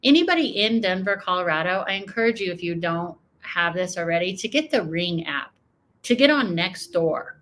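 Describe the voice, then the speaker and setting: A woman's voice: lowish voice, lively intonation, moderate pace, a bit bright. An American woman giving emotional, emphatic political reaction commentary, often repeating her points. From United States. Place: home.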